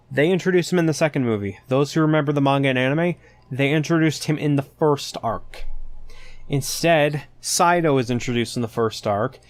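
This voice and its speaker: A man's voice: medium pitch, dry recording. A man hosting his own podcast, ranting with exasperation and plenty of swearing. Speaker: podcast host. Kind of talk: casual solo podcast rant.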